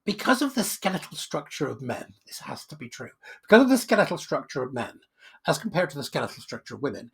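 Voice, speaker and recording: Commentator, raspy and animated, loose joke-teller. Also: male voice, a little high, quick pace. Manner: rambling, mocking, joke-telling. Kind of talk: comic monologue.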